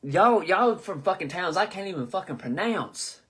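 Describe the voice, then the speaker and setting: Bright-voiced young man riffing loosely. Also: high-pitched, animated, moderate pace, slightly rough. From southern United States. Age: 20s. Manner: loose, profane, joking, stumbles over names. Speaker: host. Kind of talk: live-stream comedy chat reading comments.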